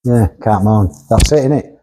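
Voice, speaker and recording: With a fairly low, warm voice at a moderate pace, a man runs a car workshop vlog as its owner and host. He jokes bluntly, laughs a lot, and banters casually while looking over the cars.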